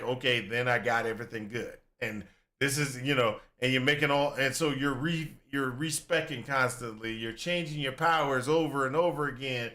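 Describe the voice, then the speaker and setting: Bright-voiced man venting about a game. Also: mid-range voice. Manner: rambling, exasperated venting about game difficulty; acts out his own past complaints in asides. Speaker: gaming content creator. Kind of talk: casual reaction commentary.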